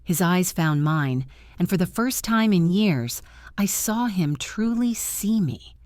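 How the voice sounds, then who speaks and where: A woman in her fifties reading a first-person story in a measured, earnest way. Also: fairly low pitch, expressive, darkish tone, no room sound, clean studio sound.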